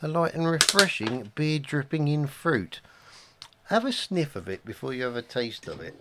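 A man's voice: fairly high pitch, very animated, normal speed, sharp tone, slight background noise. A man co-hosting a casual podcast, laid-back and blunt, swearing freely. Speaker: podcast co-host. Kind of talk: casual chat over beers.

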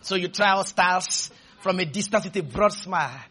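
A male preacher delivering a sermon, emphatic and loud, leading the congregation in call-and-response and telling stories with playful asides. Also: sits high, normal speed. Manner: emphatic, with sudden shouted bursts and call-and-response.

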